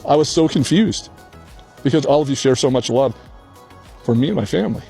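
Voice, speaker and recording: Older male vlogger, crying but earnest, mellow tone, faint music behind. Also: medium pitch, expressive, brisk, gravelly. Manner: earnest, tearful, heartfelt. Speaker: channel host. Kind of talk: emotional personal vlog. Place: outdoors on a hillside rock.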